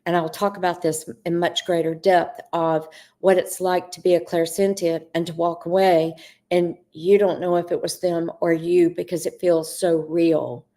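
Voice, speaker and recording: A middle-aged woman hosting a live Q&A on spiritual coaching, speaking earnestly and addressing viewers by name, with drawn-out, emphatic phrasing. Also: on the low side, little pitch movement, warm tone. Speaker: host answering viewer questions.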